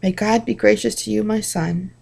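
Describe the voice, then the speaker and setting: Woman reading a tender man greeting his lost brother, gentle and quiet. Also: mid-range voice, steady tone, moderate pace, creaky, husky.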